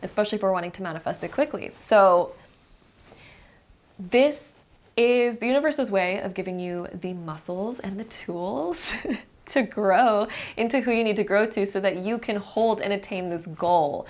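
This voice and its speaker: A young woman with a medium-pitched voice and moderate pace gives a pick-a-card tarot reading. As a tarot reader, she speaks straight to the viewer in a chatty, encouraging way.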